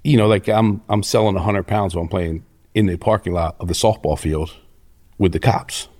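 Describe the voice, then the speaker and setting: A man's voice: sits low, moderate pace. A middle-aged man, telling stories as an interview guest in a profane, cocky way. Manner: profane, cocky, animated storyteller. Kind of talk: casual storytelling.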